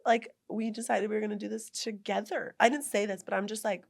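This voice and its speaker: A young adult woman telling a hiking story in a casual interview, animated and acting out what people said. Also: medium pitch, a little fast, vocal fry, no echo, studio quality. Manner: animated, retells arguments with lively quoted voices. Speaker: guest, long-distance hiker.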